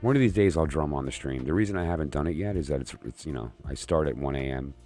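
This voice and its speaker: A man's voice: rumbling low, animated, fast talker, warm tone, faint music behind. A man hosting a late-night live stream of oracle readings, rambling and joking as he talks to his viewers. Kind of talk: casual live-stream chat.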